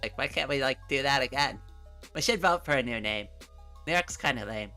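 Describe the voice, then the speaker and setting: Chatty streamer lady from new england, rambly, laughs a lot, bright tone, bit of music under it. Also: extremely low pitch, lively intonation, a little fast. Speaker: livestreamer. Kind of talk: casual livestream chat. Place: home room.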